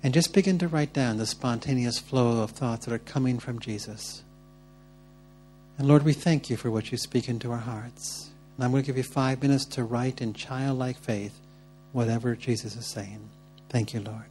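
Gentle, encouraging man leading a group. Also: medium pitch, moderate pace, slight background noise. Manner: gentle and encouraging, upbeat when calling on people. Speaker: teacher leading a church workshop. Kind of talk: guiding prayer and group sharing.

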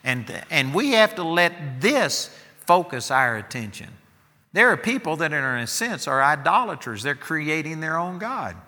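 A man preaching in an emphatic, storytelling way, pressing his points again and again. His voice is very bright and somewhat high. A long hall reverb trails each phrase. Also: very animated, measured pace. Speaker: preacher teaching students. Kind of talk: sermon.

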